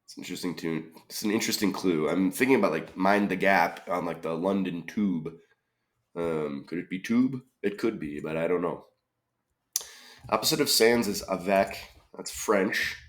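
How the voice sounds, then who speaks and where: A deep-voiced man works through a crossword aloud at a moderate pace, musing tentatively and often trailing off into questions as he thinks aloud while solving.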